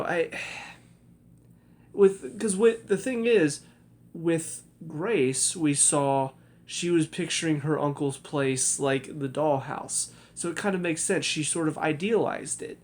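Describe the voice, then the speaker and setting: A man's voice: fairly high pitch, slow. Hesitant young man reviewing a show. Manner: hesitant, many fillers and restarts. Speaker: TV review vlogger. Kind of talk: casual spoken review.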